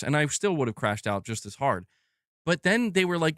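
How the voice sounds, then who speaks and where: Male gaming streamer, angry profane rant, lively swooping pitch, dry close sound. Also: fairly quick, dry recording. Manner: angry, profane, repetitive outbursts.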